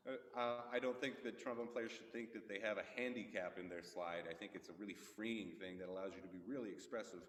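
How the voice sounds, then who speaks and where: A man giving a relaxed trombone masterclass, explaining technique with sung examples over a video call. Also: on the low side, fast, hardly any pauses, faint music behind. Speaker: trombone teacher. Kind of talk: masterclass instruction. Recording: echoey hall, far from mic.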